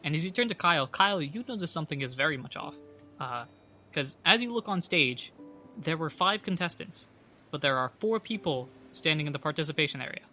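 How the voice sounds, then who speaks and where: A man's voice: a little high, animated, fairly quick, pushed and bright, soft background music. A young man narrating as game master in a loose, rambling way with lots of fillers.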